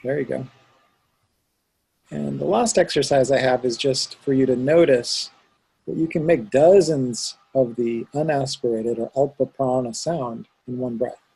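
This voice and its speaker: A male teacher in a one-on-one pronunciation lesson, patiently demonstrating each sound aloud. His voice is gravelly and raspy, with a deep grainy texture. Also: measured pace, warm tone, poor audio.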